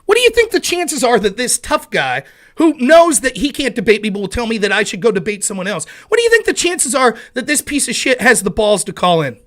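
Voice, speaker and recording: A man on a live stream, profane and sarcastic, his voice swinging wildly up and down as he taunts and shouts. His tone is bright and edgy throughout. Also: very high voice, very animated, a little fast. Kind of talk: angry live-stream rant.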